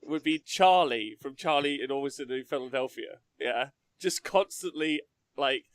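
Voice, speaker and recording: A man's voice: mid-range voice, moderate pace, no room sound. A man co-hosting a casual hobby podcast, joking around and laughing a lot. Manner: laughs a lot, animated, jokey. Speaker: podcast co-host. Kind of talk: casual chat.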